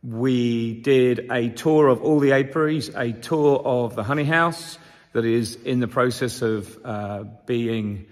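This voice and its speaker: A man's voice: mid-range voice, slow pace. Chatty beekeeper man in a reverberant room. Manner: chatty, upbeat, rambling with fillers. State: sore throat. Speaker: commercial beekeeper and channel host. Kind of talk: casual vlog chat. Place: honey house in France. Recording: long reverb.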